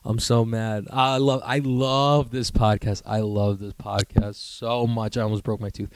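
A young man hosting a casual solo podcast, telling stories with high-pitched impressions and sudden squeaky outbursts. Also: fairly even intonation, moderate pace, hardly any pauses, darkish tone, clear, resonant tone, no echo. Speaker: podcast host.

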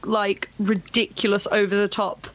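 A woman's voice: mid-range voice, flat delivery, normal speed. A woman in a casual film review chat, speaking with emphatic exasperation.

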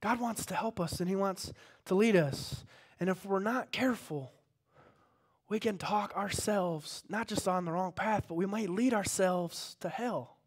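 A man preaching a sermon, impassioned, dropping to a hush and then rising loud as he calls out to the congregation. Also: sits high, a little slow, husky. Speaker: pastor.

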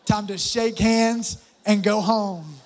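A young man preaches to his congregation with a high-pitched voice. He is playful and animated, cracking jokes and talking straight to the crowd. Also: takes it slowly. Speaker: pastor. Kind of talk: sermon.

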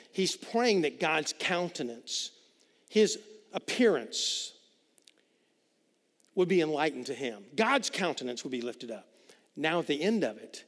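A man preaching a sermon as pastor, swinging between loud emphatic lines and hushed quiet ones. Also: on the high side. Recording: reverberant hall.

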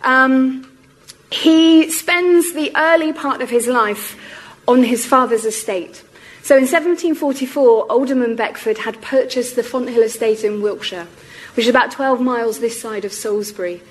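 Woman lecturing, voice going hoarse. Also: a little high, poor audio. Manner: measured and explanatory, with frequent ums. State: losing her voice. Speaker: lecturer on architectural history. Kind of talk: public lecture.

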